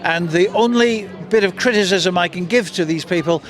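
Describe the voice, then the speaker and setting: A man's voice: high voice, normal speed. A man presenting radio street interviews outdoors, chatty and jokey as he plugs show times.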